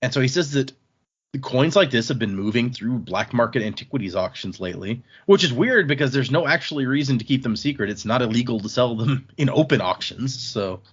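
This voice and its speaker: A man casually recapping book chapters on a podcast, relaxed and chatty, quoting characters as he goes. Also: mid-range voice, a little fast, breathy edge. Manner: relaxed, chatty retelling with small restarts. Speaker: podcast host. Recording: slightly dull lo-fi mic audio.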